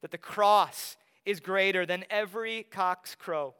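A young man from Wisconsin with an Upper Midwest accent, preaching a sermon in a conversational way, often dropping soft for emphasis. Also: sits high, measured pace, clear, resonant tone. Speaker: pastor. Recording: long hall reverb.

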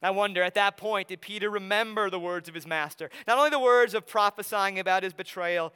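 A young man from Wisconsin with an Upper Midwest accent, preaching a sermon in a conversational way, often dropping soft for emphasis. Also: high voice, a little fast, clean tone. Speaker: pastor. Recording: long hall reverb.

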